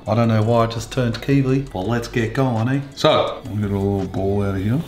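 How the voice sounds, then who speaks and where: Aussie bloke cooking and swearing nonstop, lowish voice, echoey kitchen, clanky noise behind. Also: male voice, a little fast, hardly any pauses. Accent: Australian. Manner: crude, swears constantly, joking. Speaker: cooking show host. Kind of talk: casual cooking demonstration. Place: home kitchen.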